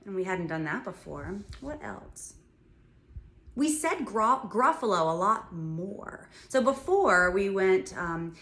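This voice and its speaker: A woman's voice: medium pitch, lively intonation, takes it slowly, a bit bright, reverberant. A woman teaching a music lesson to young children, talking and singing patiently and explaining each step. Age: adult.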